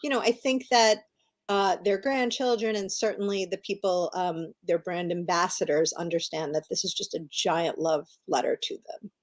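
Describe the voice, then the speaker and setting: A woman's voice: lowish voice, fairly even intonation, moderate pace. Woman, middle-aged, guest author, enthusiastic storyteller, casual interview, video call.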